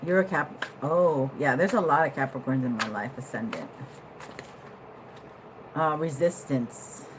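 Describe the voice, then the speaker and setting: A woman giving a casual tarot reading to her viewers, animated, at times laughing and jumping from quiet musing to loud excited bursts. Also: rumbling low, measured pace, noisy background. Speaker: tarot reader.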